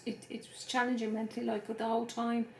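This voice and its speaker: A middle-aged woman with a gravelly, creaky voice talks plainly and reassuringly. She is recorded in an echoey room with faint noise in the background. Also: fairly high pitch, completely flat delivery, fast, a little mellow. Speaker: vlogger's mother. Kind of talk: casual chat.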